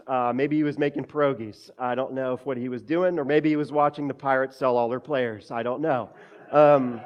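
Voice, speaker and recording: A pastor with a slightly high voice preaches a sermon, speaking to the congregation as church and tossing in joking asides between scripture readings.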